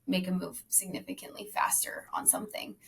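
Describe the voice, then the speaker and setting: A woman hosting a casual podcast conversation, asking curious questions and musing, sometimes dropping her voice very low. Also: huge pitch swings, fairly quick, creaky, a bit bright, in a whisper. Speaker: podcast host.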